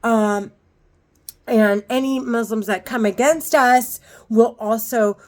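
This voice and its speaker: Agitated, profane woman ranting to camera. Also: fairly high pitch. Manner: angry, profane, halting with restarts. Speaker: vlogger. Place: at home.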